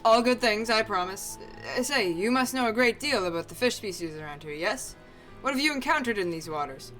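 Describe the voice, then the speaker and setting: A woman's voice: medium pitch, lively intonation, a little fast, a bit bright, soft background music, natural voice. A woman voicing a polite, inquisitive old male scientist in a fishing game. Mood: curious.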